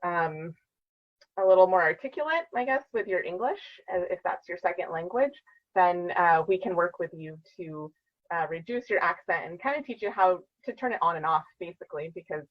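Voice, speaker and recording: Woman, speech therapist guest, friendly explanations, lots of fillers, slightly low voice, dull lo-fi audio. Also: expressive, moderate pace. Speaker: speech-language pathologist guest. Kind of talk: casual interview chat.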